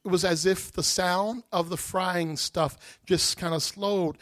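A man giving a testimony in a sermon, an animated, dramatic storyteller. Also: sits high, takes it slowly. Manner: animated, dramatic storyteller who acts out voices. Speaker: guest speaker giving testimony.

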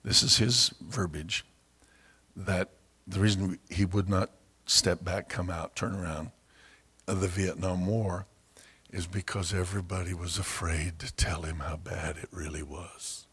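A low-voiced man preaching from the pulpit, his tone husky and worn. He tells his stories with relish and jumps into loud, high-pitched shouts when he acts out the people in them. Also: fairly even intonation, unhurried. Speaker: pastor. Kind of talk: sermon.

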